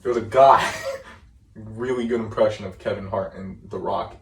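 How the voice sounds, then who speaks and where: A man's voice: fairly low pitch, steady tone, normal speed. A young man co-hosting a casual podcast, laid-back and swearing, easily amused. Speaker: podcast co-host and editor. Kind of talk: casual chat. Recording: roomy room, mic at a distance, faint noise.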